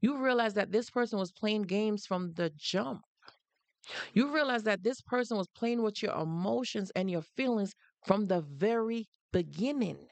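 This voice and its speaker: A woman's voice: medium pitch, expressive, normal speed, gravelly, dry recording. A woman speaks live to her viewers, giving advice with emphatic repetition. Her voice sits in a middle range. The sound is dry and close, with no room around it. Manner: emphatic, repeats points for stress. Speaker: livestream host. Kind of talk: live-streamed advice talk.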